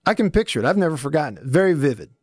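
A man hosting a radio show, telling stories in a folksy, animated way and laughing often. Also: on the high side, very fast, slightly rough, no echo, studio quality. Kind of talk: casual radio talk and storytelling.

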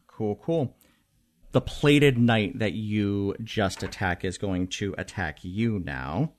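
A young man narrating a tabletop game as game master, calm and measured. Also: lowish voice.

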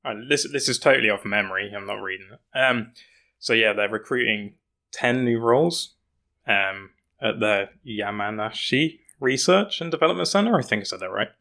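A man co-hosting a gaming podcast, chatting casually and restarting words as he pulls details from memory. His voice is fairly low and has a bright, forward edge. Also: animated, moderate pace. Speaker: podcast co-host and news writer.

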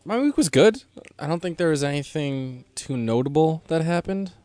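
A man co-hosting a comedy podcast, relaxed and mild as he talks about his week. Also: fairly high pitch, moderate pace, no echo. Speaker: podcast co-host. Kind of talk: casual comedy podcast chat.

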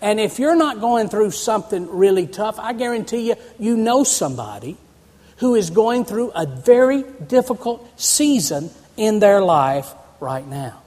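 A man's voice: sits high, very animated, a little slow, a little mellow. A man preaching a sermon as pastor, calling on the congregation to answer back and turn to scripture. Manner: preaching with call-and-response to the congregation. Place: church sanctuary. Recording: long reverb of a church hall.

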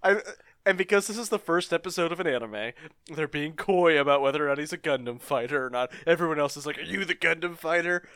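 A man co-hosting a casual anime recap, animated and laughing as he retells scenes. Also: on the high side, fast talker, smooth, dry recording, studio quality. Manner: animated, swears and laughs mid-sentence. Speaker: podcast co-host.

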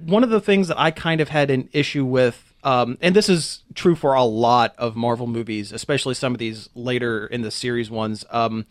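A man's voice: mid-range voice, moderate pace, hardly any pauses, dry recording, studio quality. A man hosting a casual film discussion, chatty and steering the conversation between topics.

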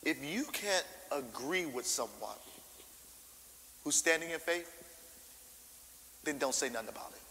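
A man preaching a sermon, informal and animated, acting out scripture and calling out to the congregation. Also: on the high side, measured pace, pauses often, long reverb tail, slight background noise, low-quality recording. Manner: animated, acts out scripture with shouted character voices; informal, call-and-response preaching.

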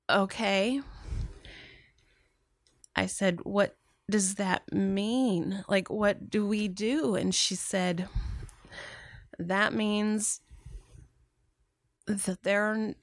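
A woman, a mother, recounting a painful personal story in a slow, halting way, acting out what others said to her. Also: mid-range voice, no room sound, studio quality. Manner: slow, halting retelling with quoted dialogue. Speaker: guest, mother.

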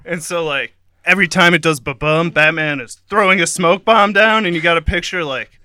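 A man's voice: a little high, fairly even intonation, normal speed, bright, forceful tone, clean tone, no echo, clean studio sound. A man giving a playful, giggly play-by-play of an imagined scene, often breaking into laughter. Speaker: comedic narrator. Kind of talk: playful play-by-play over a song. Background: song playing.

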